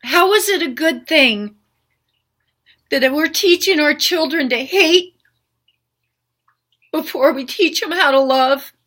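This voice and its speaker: Slowly and with long pauses, an older woman speaks in a high, fairly bright voice. She's emotional, giving a heartfelt, unscripted spiritual healer's monologue that pleads earnestly and repeats its questions.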